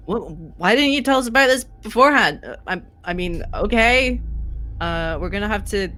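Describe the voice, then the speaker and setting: A woman voicing a panicked male band manager shouting from behind a locked door. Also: medium pitch, lively intonation, normal speed, pitched above the performer's own voice. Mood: flustered. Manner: frantic, pleading shouts.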